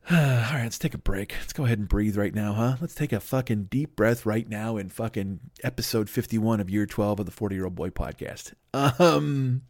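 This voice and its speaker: A man with a fairly low, slightly mellow voice speaks at normal speed on his solo comedy podcast, recorded cleanly in a studio with no echo. As host, he rambles, swears freely, and pokes fun at himself.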